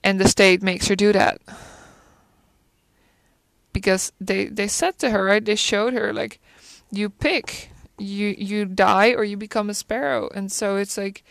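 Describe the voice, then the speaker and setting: A female film commentator muses casually, thinking aloud in a relaxed, rambling way, searching for words, restarting, and asking rhetorical questions. Her smooth, clear, medium-pitched voice is recorded close and dry with no room sound.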